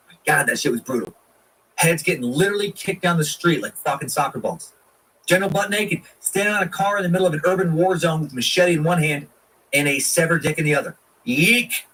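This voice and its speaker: Profane, husky-voiced male podcast host. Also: fairly high pitch, bright, forceful tone, far from the mic, low-quality recording. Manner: irreverent, profane, jokey asides. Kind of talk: casual history podcast narration.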